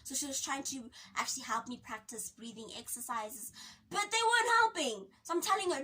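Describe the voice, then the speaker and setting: Young South African woman, storytime vlogger, high pitched, animated, slightly off-mic. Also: fairly quick, slightly rough. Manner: dramatic, expressive, acts out quotes with sudden pitch jumps. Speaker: YouTuber. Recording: voice a bit distant from the mic.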